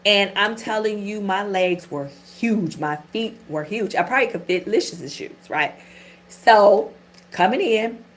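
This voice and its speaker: A middle-aged woman talking loosely and candidly to her livestream audience, with slang and swearing. Her voice sits at a middle pitch. A faint hiss with scattered clicks runs under the recording. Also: expressive, measured pace. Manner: chatty and candid, with swearing and vernacular. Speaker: tarot reader and channel host. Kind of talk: casual livestream chat.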